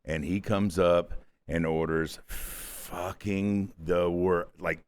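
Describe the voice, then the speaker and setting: A man's voice: low voice, fairly even intonation, takes it slowly. A middle-aged man, a longtime bartender, telling a wry bar story on a podcast. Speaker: veteran bartender. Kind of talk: casual bar talk.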